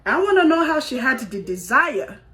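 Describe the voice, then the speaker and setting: A woman's voice: high-pitched, sing-song, moderate pace, a bit bright. A woman giving dramatic reaction commentary, exclaiming and laughing as she talks.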